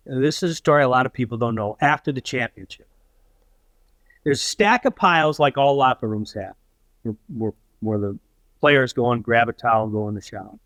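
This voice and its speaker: A man's voice: mid-range voice, brisk, no room sound, low-quality recording. Older guy guest telling a story, acts out the voices, close dry mic. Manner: animated storyteller, acting out quoted voices. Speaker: interview guest. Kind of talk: storytelling interview.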